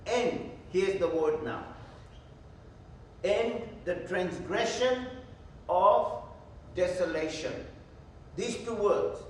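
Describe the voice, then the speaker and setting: A man's voice: sits high, recorded from a distance, slight background noise. A man, a pastor, leading a Bible study with emphatic teaching and questions he answers himself. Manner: emphatic, asks and answers his own questions. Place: church hall. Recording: very echoey church hall, from afar.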